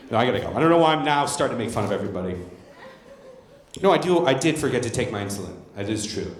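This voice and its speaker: On a comedy club stage, a male stand-up comedian performs a brash, profane, self-mocking set. His mid-range voice is sing-song and fast, and the recording has a roomy comedy club sound.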